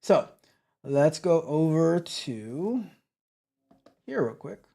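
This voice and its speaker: A man coaching on tech during a live coding walkthrough, thinking aloud with halting restarts and trailing off. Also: on the high side, sing-song, vocal fry, dark tone.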